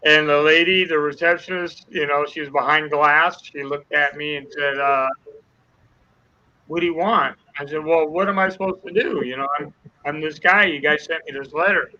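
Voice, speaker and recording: A man's voice: fairly high pitch, steady tone, moderate pace, sharp tone, highs cut off. An older man, a guest, telling an emotional personal testimony, acting out the dialogue as he goes. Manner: earnest storyteller acting out dialogue.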